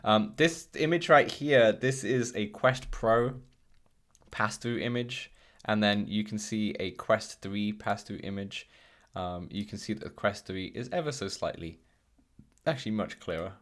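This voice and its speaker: Man, livestream podcast host, fairly low voice, chatty and rambling, lots of ums. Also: unhurried. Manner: rambling, frequent ums and restarts. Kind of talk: casual livestream chat.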